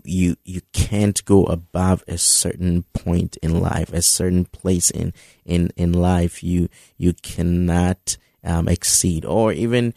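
A man preaching a sermon in an earnest, encouraging way, often halting and repeating words as he restarts his sentences. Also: low-pitched, vocal fry, warm tone, no echo, clean studio sound.

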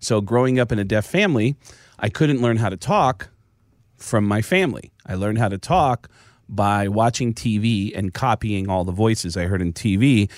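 A male comedian in a studio telling lively stories, quick and animated, dropping into voices as he goes. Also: lowish voice, dry recording. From the Bronx, New York. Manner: lively, fast, slips into voices mid-story. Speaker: comedian and voice actor guest. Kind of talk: animated storytelling chat.

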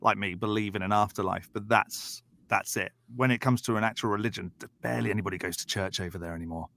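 A man's voice: on the low side, steady tone, fast talker, gravelly, pushed and bright. A man from the south of England with a Southern English accent, telling stories animatedly as a podcast guest and acting out quoted voices. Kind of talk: casual storytelling chat.

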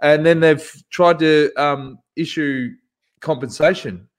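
Animated man telling a story. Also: fairly high pitch, takes it slowly. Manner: animated, acts out voices in his stories. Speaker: podcast co-host. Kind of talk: casual storytelling chat.

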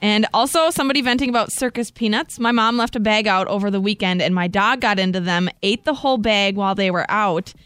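A woman's voice: medium pitch, fast talker, few pauses, fairly bright tone, clean tone, no echo. Dry-voiced female radio co-host. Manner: laughs often, dry short replies. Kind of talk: casual radio banter. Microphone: studio microphone.

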